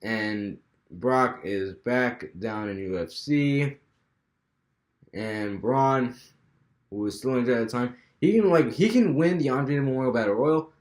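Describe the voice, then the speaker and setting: Speaking a little slowly in a mid-range, slightly mellow voice, a young adult wrestling vlogger chats casually about his fantasy booking, restarting his thoughts again and again. The recording has room echo.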